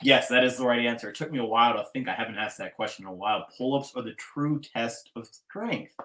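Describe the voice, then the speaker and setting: A man hosts a casual interview with easy, enthusiastic energy. His voice sits at an ordinary middle pitch, and he keeps the talk chummy and loose. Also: fast, fairly bright tone, low-quality recording. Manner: enthusiastic, bro-ish, calls guest "man". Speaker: podcast host.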